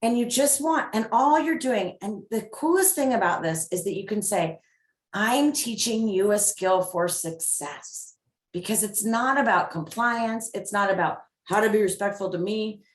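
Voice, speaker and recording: A woman's voice: mid-range voice, unhurried. A middle-aged woman giving an upbeat parenting talk, full of acted examples. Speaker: parenting coach and presenter. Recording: echoey room.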